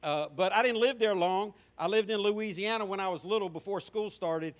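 A man's voice: high-pitched, moderate pace. A middle-aged man with a Southern US accent, a pastor telling his testimony in a folksy sermon with frequent restarts. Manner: folksy storytelling with repeated restarts. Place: church sanctuary with congregation.

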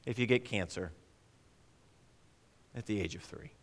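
A man's voice: on the low side, measured pace. A middle-aged man preaching a storytelling sermon at a church service. He acts out dialogue in different voices and puts rhetorical questions to the congregation. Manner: asks the audience rhetorical questions.

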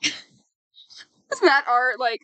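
A woman's voice: sits high, steady tone, takes it slowly, sharp tone, dry recording. A woman co-hosting a casual podcast chat, blunt and dry, swearing freely. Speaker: podcast co-host.

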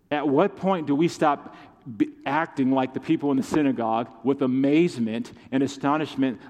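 A man's voice: medium pitch, darkish tone. Preaching man in a reverberant hall. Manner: impassioned preaching with call-and-response. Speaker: pastor. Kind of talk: sermon. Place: church sanctuary.

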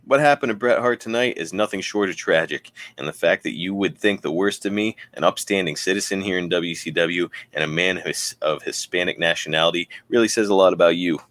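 A man's voice: deep voice, fairly quick, hardly any pauses, fairly bright tone, no echo. A man voicing a smug male wrestling villain who plays mock-offended innocence.

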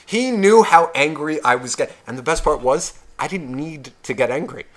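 With lively intonation and a voice on the high side, a male podcast co-host talks at a normal speed. His retelling is angry and full of profanity, and he acts out the lines other people said during the casual chat.

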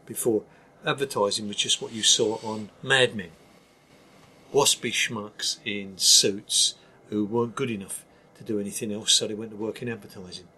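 With a fairly low, bright and forceful voice at normal speed, this older Cockney man from East London keeps his intonation fairly even over slight background noise. As an interview guest he's blunt, emphatic and candid, frequently restarting what he says.

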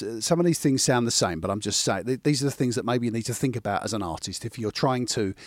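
A man's voice: medium pitch, darkish tone, no room sound, studio quality. A middle-aged man, talking casually as a host giving advice, rambling and often breaking off mid-sentence. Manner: rambling, self-interrupting, chatty.

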